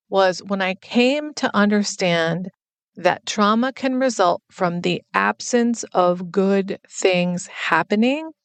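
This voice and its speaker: A woman's voice: medium pitch, vocal fry, no room sound. A woman hosting a podcast as a recovery coach, speaking in an earnest, explanatory personal monologue.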